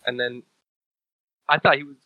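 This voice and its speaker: A man's voice: medium pitch, little pitch movement, moderate pace, dry recording, phone-quality sound. A man recapping a manga chapter in casual chat, rambling with fillers and restarts, swearing and laughing at the story.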